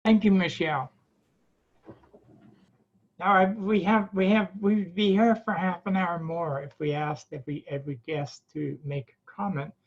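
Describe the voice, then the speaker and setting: Brief: Devon-accented club president, fairly high voice, halting thanks, muffled call audio. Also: male voice, steady tone. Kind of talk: casual meeting remarks.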